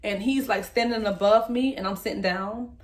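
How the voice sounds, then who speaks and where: A young woman, emotionally recounting a personal story to the camera in a candid, halting way and speaking straight to her viewers. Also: medium pitch. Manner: candid, halting, speaks to viewers as "y'all", voice rises when reliving moments. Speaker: vlogger telling her story.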